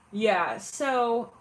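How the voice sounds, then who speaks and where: A woman's voice: a little high, rough recording. A woman giving a casual, rambling tarot reading, talking in a chatty way with lots of fillers and frequent laughter. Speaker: tarot reader.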